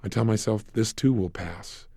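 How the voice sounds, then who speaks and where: A man voicing a calm person who talks softly and slowly while recalling peace of mind. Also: medium pitch, slightly rough, dry recording. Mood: calm, soothed. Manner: soft, slow, hushed.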